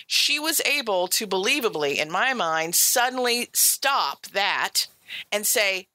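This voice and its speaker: A woman's voice: medium pitch, animated, moderate pace, sharp tone, dry recording. A woman co-hosting a podcast, chatting casually and opinionatedly about a film, often acting out characters' lines. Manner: opinionated, emphatic, quotes characters in voices. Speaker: podcast co-host.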